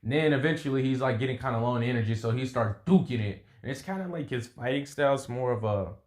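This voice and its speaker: A man's voice: mid-range voice, quick pace, darkish tone, reverberant. A young man casually improvising a story, rambling and making vocal sound effects.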